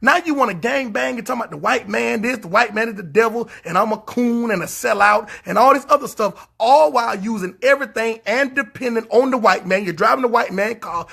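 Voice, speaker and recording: Gravelly, fiery preacher man. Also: high-pitched, sharp tone. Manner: fiery, repetitive, scolding, drawn-out emphasis. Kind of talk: livestreamed sermon.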